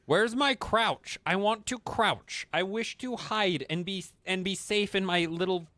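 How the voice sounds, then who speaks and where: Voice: medium pitch, measured pace, fairly bright tone, no room sound. A gaming streamer commenting on a horror game, jumpy and chatty, talking back to the characters and dropping to a whisper when tense. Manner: drops to a whisper in tense moments. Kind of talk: horror let's play commentary.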